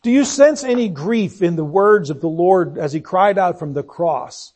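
A man's voice: high-pitched, animated, moderate pace, dark tone. A man preaching a sermon, earnest and searching, posing one rhetorical question after another and letting his voice sink on solemn phrases.

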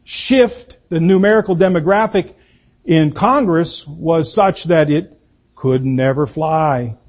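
A man giving a political speech, slow and emphatic, repeating key words for effect. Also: fairly high pitch, a little mellow. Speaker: political speaker.

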